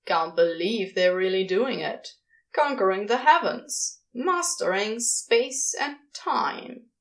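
A woman voicing an excitable male demon who talks in an eager, casual drawl. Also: mid-range voice, takes it slowly. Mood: excited. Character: brash excitable male demon, young-sounding.

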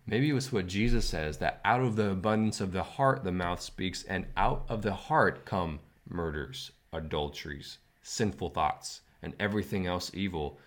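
Deep-voiced earnest man talking. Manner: earnest, preachy storyteller. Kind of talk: casual commentary chat.

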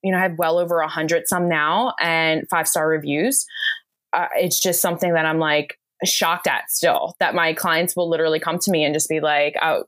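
A woman's voice: sits low, little pitch movement, normal speed, fairly bright tone, no echo, studio quality. A woman from the United States, a bridal makeup artist, talking as an interview guest in an effusive, gushing way. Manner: effusive, gushing, repeats "quite literally". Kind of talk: casual interview chat.

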